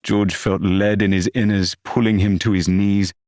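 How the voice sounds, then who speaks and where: Deep-voiced male audiobook narrator. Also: level tone, moderate pace, darkish tone, no room sound, studio quality.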